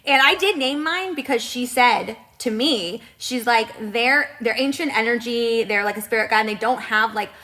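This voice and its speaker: A woman's voice: a little high, normal speed, hardly any pauses, sharp tone. A woman in her thirties co-hosting a podcast, chatting casually and retelling conversations with lots of fillers. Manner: chatty, many fillers and quoted dialogue. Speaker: podcast co-host.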